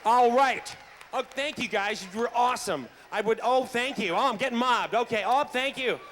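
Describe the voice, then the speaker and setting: A man's voice: very high voice, fairly quick. A man telling a funny backstage story to a convention audience, laughing often and tripping over his words. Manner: animated, laughing, stumbling restarts. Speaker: convention guest actor. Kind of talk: casual on-stage storytelling. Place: convention hall stage. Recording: reverberant hall with faint crowd noise.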